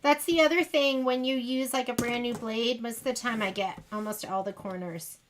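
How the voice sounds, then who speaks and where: A woman's voice: fairly high pitch, steady tone, moderate pace, a little hiss or hum. A woman hosting a sewing livestream, chatting casually and rambling to her viewers as she works. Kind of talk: casual chat while sewing.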